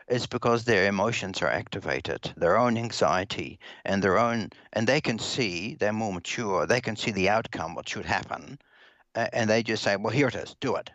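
Brisk man explaining, dull dry sound. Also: lowish voice, fairly bright tone, no room sound. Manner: brisk, repeats and restarts words. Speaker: guest expert on listening to children. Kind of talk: explanatory interview talk.

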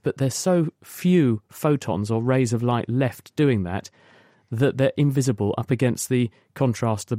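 A man's voice: mid-range voice, warm tone, no room sound, studio quality. A man explaining science on a radio call-in show, patiently and at length. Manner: explains patiently in long spoken sentences with restarts. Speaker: science expert guest.

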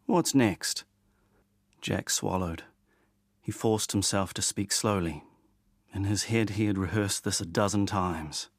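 A man narrating a novel in a measured, steady way. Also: low-pitched, dry recording, studio quality. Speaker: audiobook narrator. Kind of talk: scripted narration.

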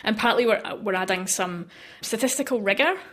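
A woman's voice: medium pitch, fairly quick. An American woman, a linguistics researcher, explains her work patiently in a radio interview and laughs lightly between points.

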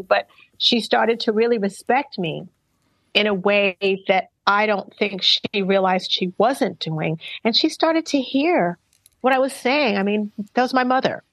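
A middle-aged woman answers interview questions in a thoughtful, earnest way, her words measured. Her voice sits at an ordinary pitch. It is recorded close and dry, with no room sound. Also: no room sound, low-quality recording. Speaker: interviewed singer. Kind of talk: reflective interview talk.

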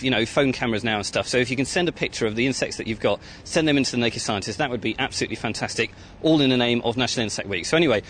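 A man reporting live for a radio science show from an outside location, chatting with children and guests in a brisk presenting manner. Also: mid-range voice, a bit bright, slight background noise.

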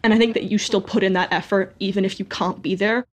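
A woman's voice: mid-range voice, steady tone, quick pace. A teenage woman, speaking thoughtfully and earnestly about her family. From New Zealand. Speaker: daughter of the guests. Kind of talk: reflective family conversation.

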